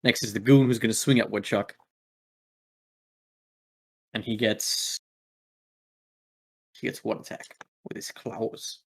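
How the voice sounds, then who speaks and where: A man's voice: lowish voice, steady tone, slow pace, vocal fry, pauses often, slightly rough. Laid-back man narrating as game master. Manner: laid-back, full of filler words.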